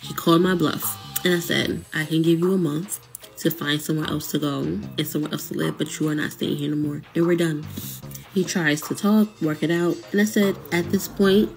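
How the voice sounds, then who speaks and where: A woman calmly recounting a painful breakup in casual storytelling, wryly quoting both sides of the dialogue. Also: deep voice, vocal fry. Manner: calm, wry, quotes dialogue.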